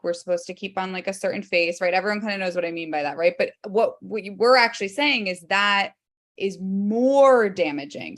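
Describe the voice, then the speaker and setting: A woman's voice: mid-range voice, fairly bright tone. A woman on a discussion panel, speaking frankly and casually, laughing between points.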